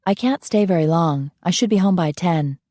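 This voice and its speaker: A woman's voice: on the low side, dark tone, dry recording, studio quality, natural voice. A woman doing a feisty, sarcastic young heroine. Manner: sarcastic, brisk.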